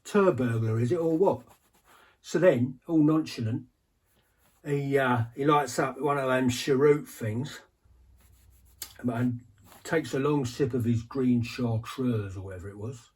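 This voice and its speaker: Aging ex-henchman, husky, rambling barroom storyteller for an audio drama, played by a man. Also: medium pitch, a little slow, pauses often, a little mellow. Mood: wry. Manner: rambling, colloquial, winking asides to the listener.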